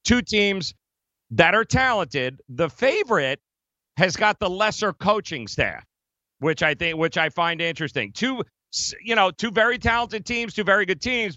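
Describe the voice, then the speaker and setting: Male co-host, lively and bright, emphatic betting chat, dull dry studio sound. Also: sits high, moderate pace, dry recording. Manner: emphatic, laughs often, addresses co-host by name. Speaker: sports betting show co-host. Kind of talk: casual sports betting talk.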